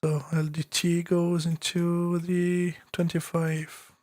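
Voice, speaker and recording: A man's voice: a little high, completely flat delivery, slow, darkish tone, dry recording, clean studio sound. A man with a French accent talking casually on a live stream as he produces music, thinking aloud with many fillers and restarts.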